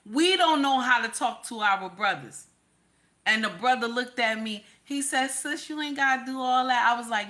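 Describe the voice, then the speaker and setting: Blunt, profane woman ranting with a bright voice. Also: fairly high pitch, normal speed. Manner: blunt, profane, repeats lines for emphasis. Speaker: commentary channel host. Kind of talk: casual ranting commentary.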